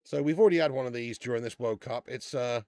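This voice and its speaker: Male streamer, casual banter, excitable shout-outs, dry close mic. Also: medium pitch, quick pace, dry recording. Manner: excitable, laughs often, bursts of shouting greetings. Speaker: football watch-along host. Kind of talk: casual live-stream chat.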